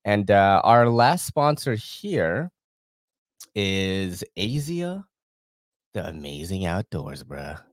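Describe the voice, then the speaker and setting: A man's voice: low voice, very animated, slow pace, dry recording, clean studio sound. A man hosting a podcast, reading sponsor ads in a casual, slangy, profane way. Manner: slangy, profane and laid-back, laughs often. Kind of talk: casual chat.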